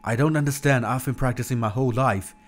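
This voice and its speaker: A man's voice: mid-range voice, quick pace, close to an everyday voice. A man reading the lines of a nervous young woman contestant protesting her rejection, in a slightly raised voice. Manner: protesting, pleading tone.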